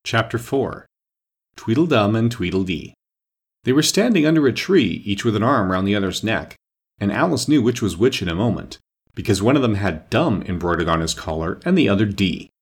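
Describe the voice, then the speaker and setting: A man narrating a classic children's book with expressive storytelling. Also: fairly low pitch, normal speed, slightly rough. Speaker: audiobook narrator. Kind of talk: scripted narration.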